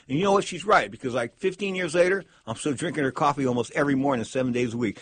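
A man's voice: medium pitch, very fast, hardly any pauses, a bit bright, slightly rough, no echo. A man hosting a live boxing talk show, rambling through a conversational monologue in an emphatic way.

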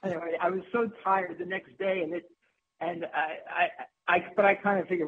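A woman tennis broadcaster telling lively stories as an interview guest, laughing often and restarting her sentences. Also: fairly low pitch, normal speed. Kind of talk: anecdotal interview storytelling. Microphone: phone. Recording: tinny phone line with faint hum.

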